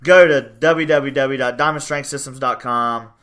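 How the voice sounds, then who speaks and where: A man hosting a casual podcast as a strength coach, loud and excitable, sometimes bursting into yelling. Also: medium pitch, normal speed.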